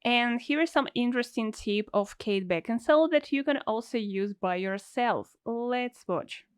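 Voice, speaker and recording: A woman's voice: a little high, moderate pace, smooth, dry recording, clean studio sound. A woman, a language teacher explaining things earnestly in scripted video narration. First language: Russian.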